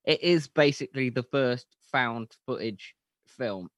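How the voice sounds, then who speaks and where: A man's voice: medium pitch, measured pace, fairly bright tone, dry recording. Laid-back man on a podcast. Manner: laid-back, swears casually. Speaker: podcast co-host. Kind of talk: casual film chat.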